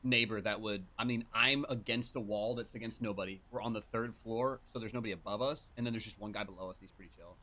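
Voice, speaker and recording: A man co-streaming, chatting casually and reacting with quick, laid-back remarks. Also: fairly low pitch, fairly even intonation, bright, forceful tone, slight background noise. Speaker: fellow streamer. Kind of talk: casual live-stream chat.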